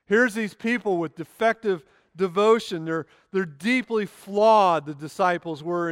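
Male pastor, sermon, high voice, smooth and clear, dry close sound, earnest slow emphasis. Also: no echo, big-room sound. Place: church sanctuary.

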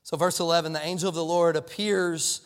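A man's voice: fairly high pitch, fairly even intonation, brisk, smooth, big-room sound. A male pastor in his thirties giving a conversational sermon, often restarting and repeating words and acting out quoted voices. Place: church auditorium.

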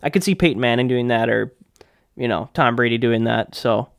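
A man's voice: mid-range voice, brisk, vocal fry, dry recording. Wry male co-host, dry sound. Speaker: podcast co-host. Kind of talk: casual sports talk.

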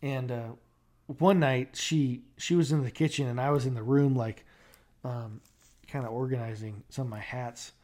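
A man's voice: mid-range voice, fairly even intonation, moderate pace, a little mellow. Rambling young man chatting on a podcast. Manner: rambling, many fillers and restarts. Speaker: podcast co-host. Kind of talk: casual chat.

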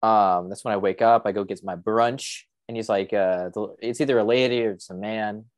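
A man's voice: lowish voice, steady tone, normal speed, no room sound. A young man who is a college student, chatting casually and telling rambling, crude, joking stories over a video call. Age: young adult. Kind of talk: casual chat.

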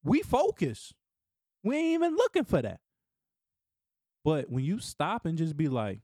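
A middle-aged man talks casually on his own podcast in a fairly high, very lively voice that swings from low murmurs to excited bursts. He laughs often and keeps things loose and animated. The recording is close and completely dry, with no room sound. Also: unhurried, long pauses, no echo. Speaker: podcast host. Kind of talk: casual solo podcast talk.

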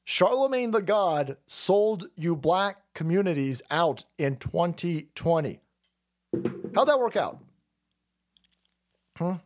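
A man rants on his livestream in a high, restless voice that leaps up and down as he gets worked up. He is crude and mocking and swears constantly. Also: lively intonation, slow pace, long pauses. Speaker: livestream host. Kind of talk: profane political rant on a livestream.

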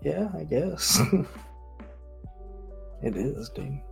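A man's voice: fairly high pitch, animated, drawn-out words, vocal fry, faint music behind. A man co-hosting a casual group chat, laid-back and laughing often. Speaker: co-host.

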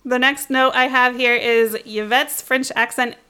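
A young woman hosting a casual film podcast, talking fast and excitably and often breaking into laughter. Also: a little high, background noise. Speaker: podcast host. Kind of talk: casual film-recap chat.

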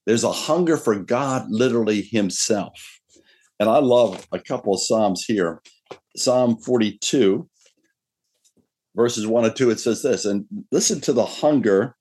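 Male pastor, low voice, earnest sermon delivery with slow scripture readings. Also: darkish tone, slightly rough. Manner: earnest preaching, slows and lifts his voice when reading scripture.

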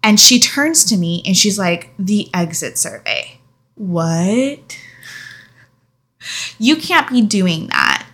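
Bright-voiced young woman telling a frank story. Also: medium pitch, sing-song, takes it slowly, pauses often. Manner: frank, emotional, casual swearing. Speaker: vlogger. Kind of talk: candid storytime vlog.

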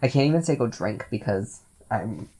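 Young podcast co-host, mid pitch, playful slang, laughs a lot. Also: lively intonation, moderate pace, warm tone, slightly rough. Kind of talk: casual chat.

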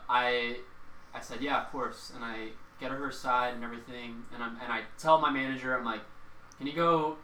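Bright-voiced young man telling a work story. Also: mid-range voice, a little hiss or hum. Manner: rambling, lots of fillers and quoted dialogue. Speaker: restaurant server. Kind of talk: casual storytelling chat. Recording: echoey room, mic at a distance.

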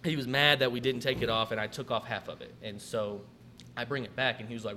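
A sharp-toned, lowish male voice holds a steady tone at a quick pace, with slight hiss or hum underneath. The podcast host, a restaurant manager, chats casually through his restaurant stories, swearing easily and impersonating customers.

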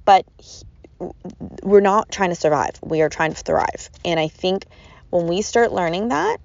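A woman's voice: lowish voice, a little slow, gravelly, a little mellow, no room sound. A woman hosting a podcast, giving an earnest, rambling self-help talk that repeats its phrases, in a dull lo-fi recording. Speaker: podcast host.

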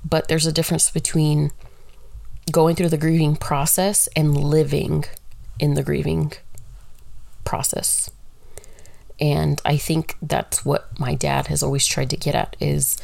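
A woman's voice: deep voice, flat delivery, measured pace, gravelly, long pauses, a little mellow, no echo. A woman talking through a casual solo monologue, candid and rambling, swearing freely.

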